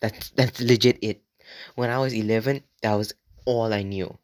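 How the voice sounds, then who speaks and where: A young man with a somewhat low voice tells a story in a loose, rambling way, dropping "like" constantly and swearing freely. He talks straight to his viewers as he goes. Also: steady tone, normal speed, darkish tone. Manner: rambling and profane, heavy filler words. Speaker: vlogger. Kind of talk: casual storytime monologue.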